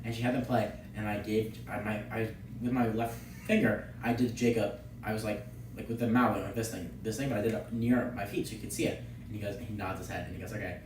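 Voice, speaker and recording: A man co-hosting a podcast, telling a story in a casual, animated way, laughing often and acting out the quotes. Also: lowish voice, fast talker, slight background noise. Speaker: podcast co-host. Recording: echoey room, distant from mic.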